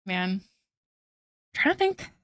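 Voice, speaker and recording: A woman's voice: a little slow, fairly bright tone. A woman in her thirties streaming while she draws, chatting casually and rambling, laughing often and quoting memes in put-on voices. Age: 30s. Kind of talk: casual livestream chat while drawing.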